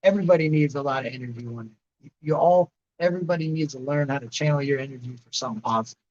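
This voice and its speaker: Casting note: man in his late thirties, livestream host, loose rambling chat straight to viewers, mid-pitched, muffled lo-fi audio. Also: racing, a little mellow. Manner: rambling, talks straight to chatters by name.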